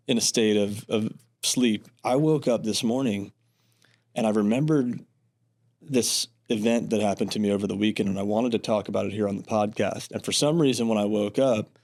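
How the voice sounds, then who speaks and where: A man co-hosting a podcast, telling a story in a relaxed, halting way with fillers. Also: lowish voice, vocal fry. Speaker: podcast co-host. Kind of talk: casual storytelling.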